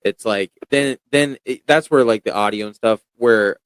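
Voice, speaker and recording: A young man talking loudly and excitedly in a casual podcast chat, full of slang. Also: fairly low pitch, normal speed, clear, resonant tone, no room sound. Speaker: podcast guest.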